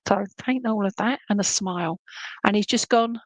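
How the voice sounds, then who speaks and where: A woman giving live psychic readings to viewers, chatty and animated, humming tunes and relaying messages as she goes. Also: medium pitch, normal speed, no echo.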